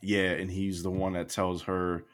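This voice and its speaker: Male podcast co-host, lowish voice, loose and laughing. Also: a little slow. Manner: laughs often, animated. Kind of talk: casual chat.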